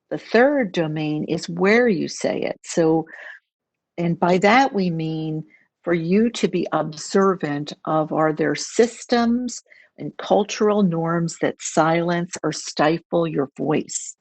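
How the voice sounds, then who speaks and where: A middle-aged woman presenting a webinar as a public speaking trainer, measured and instructive, repeating key phrases. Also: lowish voice, darkish tone, no room sound. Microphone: video call.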